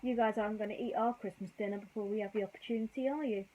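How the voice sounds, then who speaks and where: A woman reading a bedtime story aloud, gentle and chatty, with casual asides to young listeners. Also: mid-range voice, fairly even intonation, racing, slight background noise, rough recording.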